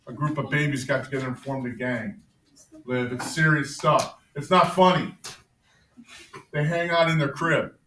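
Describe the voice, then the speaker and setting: A male teacher telling jokes to his class in a classroom, with a deadpan storytelling manner. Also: mid-range voice, normal speed. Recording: echoey classroom, faint noise.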